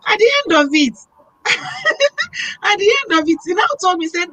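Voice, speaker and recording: A woman hosting a talk show, telling a personal story in a lively, emotional way. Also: sits high, fairly quick, low-quality recording. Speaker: host. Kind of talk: casual interview chat.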